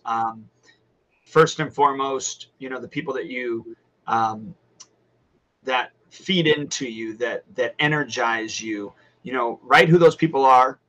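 A man co-hosting a casual podcast, speaking in a measured, halting way with many "uh"s and "um"s. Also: medium pitch, sharp tone, rough recording. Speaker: podcast co-host.

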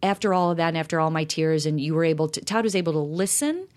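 A woman's voice: low voice, lively intonation, fast talker, a little mellow. A middle-aged woman co-hosting a talk show, speaking earnestly and openly about her marriage in casual chat. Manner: earnest, reflective, open. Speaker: podcast co-host.

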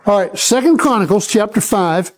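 A man preaching a sermon to a congregation, reading scripture slowly and having the listeners repeat verses back to him. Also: sits high, animated.

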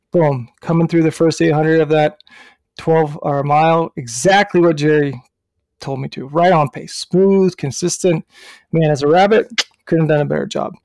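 A man with a raised, gritty voice recounts a story in a loose, animated way, full of filler words and the odd curse. He is a running coach co-hosting a podcast. His voice sits close and dry in the mic. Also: a little high, creaky, dry recording. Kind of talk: casual storytelling.

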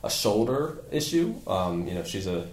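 A fairly low-pitched man talks as a guest on a casual podcast, full of energy and rambling through fillers and restarts. The room around him is echoey. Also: big pitch swings, normal speed. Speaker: physical therapy clinic owner, guest.

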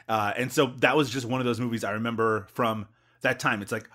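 A man co-hosting a movie podcast who talks quickly, rattling off his points at a brisk clip. His voice is bright and forward. He chats casually, swears freely and laughs between remarks. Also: medium pitch, steady tone. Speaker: podcast co-host.

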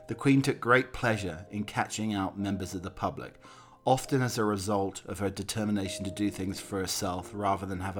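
A man reading a scripted documentary narration in a measured, anecdotal storytelling way. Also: low-pitched.

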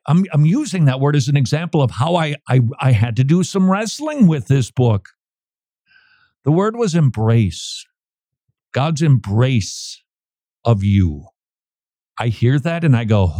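A male radio show host in a studio, talking in an animated way, chuckling and reading passages aloud with quick asides. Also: medium pitch, no room sound. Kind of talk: radio talk commentary.

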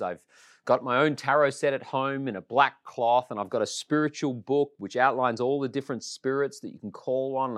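A man giving a sermon, telling his own conversion story in an animated storytelling way. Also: mid-range voice, no echo, clean studio sound. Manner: storytelling, animated when quoting others. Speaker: preacher. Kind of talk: sermon with personal testimony.

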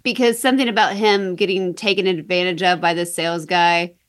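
Chatty animated woman. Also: fairly low pitch, fairly quick. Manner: animated, laughing, acts out movie quotes. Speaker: podcast guest. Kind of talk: casual chat about a film.

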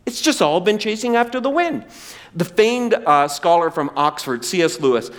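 A man's voice: high-pitched, sing-song, normal speed. A man preaching a sermon, acting out quoted voices and asking the audience to repeat words after him. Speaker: pastor.

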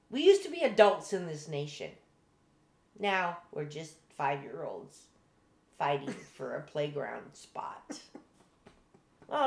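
A woman co-hosting a casual political chat, blunt and exasperated, rambling with restarts. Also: mid-range voice. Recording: echoey room.

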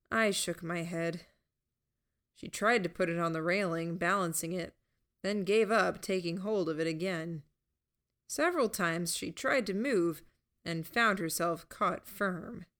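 A woman narrating a first-person audiobook in an unhurried, steady storytelling manner. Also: lowish voice.

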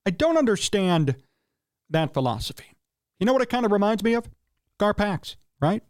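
A man's voice: high-pitched, sing-song, moderate pace, no room sound, studio quality. A man hosting a solo sports talk show, ranting in an opinionated, exasperated way and asking rhetorical questions. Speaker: sports radio host.

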